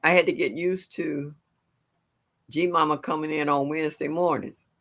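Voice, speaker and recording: A woman's voice: low voice, fairly even intonation, normal speed, fairly bright tone. A woman hosting a livestream, chatting casually with her viewers and laughing often. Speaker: livestream host. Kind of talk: casual chat with live viewers.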